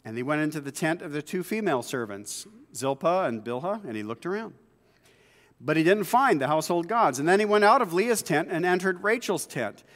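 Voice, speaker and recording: A male pastor preaching a sermon, telling stories in a relaxed, conversational way with frequent asides. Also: on the high side, a little fast, big-room sound. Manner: conversational storytelling with asides and laughs.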